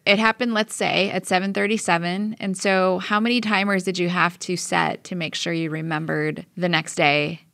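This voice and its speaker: A woman's voice: fairly low pitch, fairly even intonation, moderate pace, gravelly, few pauses, a bit bright, no room sound, clean studio sound. A woman interviewer who recaps what she has heard and then asks probing follow-up questions. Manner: probing, recaps before asking.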